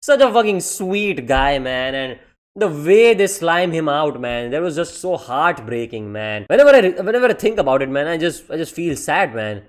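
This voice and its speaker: Speaking at a moderate pace in a fairly high-pitched voice, a man reviews manga on a casual vlog. He's excitable and profane, tossing in "man" nearly every sentence and slipping into mocking voices.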